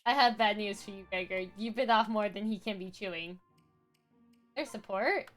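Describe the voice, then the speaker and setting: A woman's voice: mid-range voice, moderate pace, a bit bright, soft background music. A woman reading game dialogue who adds casual, wry commentary between the lines.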